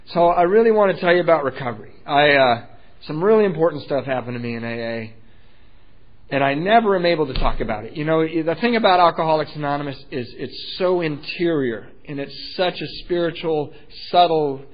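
Guy telling his recovery story straight from the heart, pokes fun at himself, goes quiet then loud, muffled lo-fi audio. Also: a little high. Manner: candid, heartfelt, self-mocking, swings between hushed and loud. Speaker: speaker sharing a recovery story. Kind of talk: personal testimony talk.

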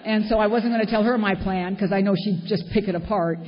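A woman's voice: mid-range voice, steady tone, a little fast. An older woman from Southern California telling a candid, wry personal story to a meeting audience. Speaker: speaker at a recovery meeting. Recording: echoey hall, dull lo-fi sound, faint noise.

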